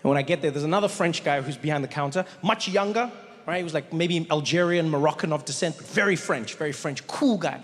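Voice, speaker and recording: A man telling an animated stand-up story as a comedian, acting out characters. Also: on the high side, quick pace. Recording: echoey hall, faint noise.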